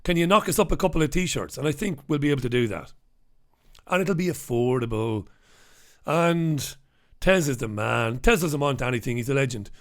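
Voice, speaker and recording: A man's voice: medium pitch, moderate pace. A middle-aged man, hosting a casual live-stream and chatting, joking and reading out viewers' names. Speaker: host.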